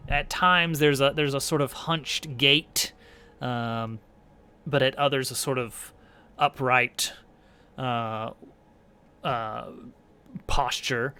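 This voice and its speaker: A man narrating as game master of a tabletop role-playing game, halting with many fillers and restarts. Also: medium pitch, sharp tone, smooth.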